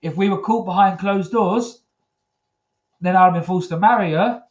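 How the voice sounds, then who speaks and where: On a comedy club stage, a man with a high-pitched voice works through a crude, rambling stand-up set into a handheld mic, leaning hard on filler phrases. He speaks at a normal pace, and the room sounds echoey.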